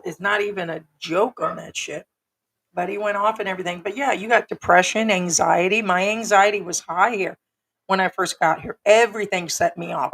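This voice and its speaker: A middle-aged woman from the United States, hoarse and raspy from being sick, hosting a casual livestream chat in a frank, rambling way. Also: on the low side, a bit bright, slight background noise. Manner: rambling, frank, with many ums. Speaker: livestream host.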